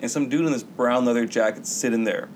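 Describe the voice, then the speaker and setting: A man's voice: medium pitch, a little fast, darkish tone, rough recording. Male podcast co-host, loose profane storyteller, acts out quoted lines, light background hiss. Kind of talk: casual storytelling chat.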